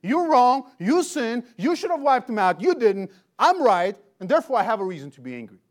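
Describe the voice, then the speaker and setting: A preacher acting out an indignant, defiant prophet. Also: male voice, very high voice, very animated, fairly quick, pitched above the performer's own voice. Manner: indignant, raised, emphatic. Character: angry defiant male prophet arguing with God.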